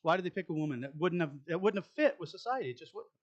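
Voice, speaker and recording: A man preaching a conversational sermon as pastor, asking the congregation questions and dropping into soft asides. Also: high-pitched, lively intonation, racing, highs cut off. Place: church sanctuary.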